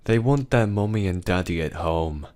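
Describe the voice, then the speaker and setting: A man's voice: lively intonation, moderate pace, clear, resonant tone. A man voicing a frantic, pleading wife. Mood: distraught. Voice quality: low voice pushed higher for a woman. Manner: pleading, then shouting. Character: distraught adult woman confronting her husband.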